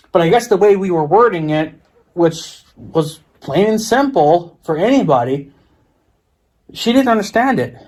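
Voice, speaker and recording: Man, American accent, somewhat high voice, profane, exasperated, repetitive vlog rant. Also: darkish tone. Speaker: vlogger. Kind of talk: ranting monologue.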